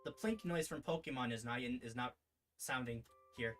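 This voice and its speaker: A man's voice: medium pitch, normal speed, fairly bright tone. A man casually reading a visual novel aloud on stream, dropping offhand asides, with faint music behind.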